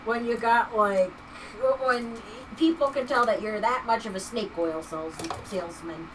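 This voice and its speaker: A woman's voice: a little high, moderate pace, far from the mic, noisy background. A woman chatting casually on a live stream, laughing often and reading chat messages aloud while she works.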